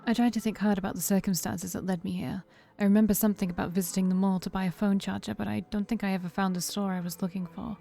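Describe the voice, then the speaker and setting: A woman streamer reading a game's first-person narration aloud, steady and calm, with brief asides of her own. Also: mid-range voice, quick pace, creaky. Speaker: game streamer. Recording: faint music behind.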